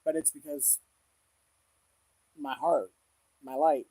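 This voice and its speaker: A man's voice: fairly high pitch, steady tone, slow, dark tone, dry recording, rough recording. A man hosting a casual livestream as a psychic reader, speaking candidly to viewers with frequent laughs and religious conviction.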